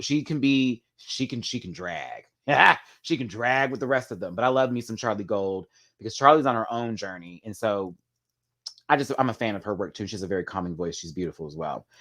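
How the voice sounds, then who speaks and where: Chatty gossiping male livestream host. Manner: chatty, gossipy, big swings in pitch and loudness; addresses viewers as "girl" and "y'all". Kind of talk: casual live-chat commentary.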